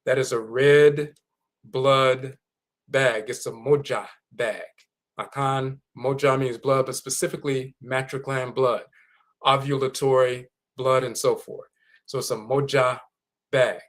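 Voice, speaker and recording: Man lecturing deliberately, spelling words out. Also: medium pitch, steady tone. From North America. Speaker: lecturer on spiritual tradition. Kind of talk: explanatory lecture.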